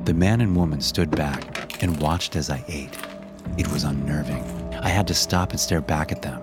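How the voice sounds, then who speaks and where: A man narrating a first-person horror story with a measured, dramatic delivery. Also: extremely low pitch. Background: music.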